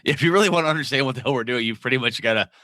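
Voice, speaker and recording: A man co-hosting a gaming podcast in casual chat, animated and jokey, with some swearing. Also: medium pitch, rapid-fire, dry recording, studio quality. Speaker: podcast co-host.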